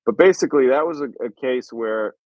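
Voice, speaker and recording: A man's voice: medium pitch, a little fast, no echo, dull audio. Man telling a story, casual and profane. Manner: animated, profane, acts out quotes. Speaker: podcast host, filmmaker.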